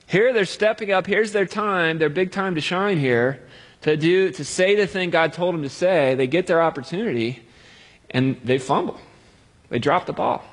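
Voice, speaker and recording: A man's voice: high voice, moderate pace, big-room sound. A man preaching a sermon in a conversational way, with jokey everyday analogies.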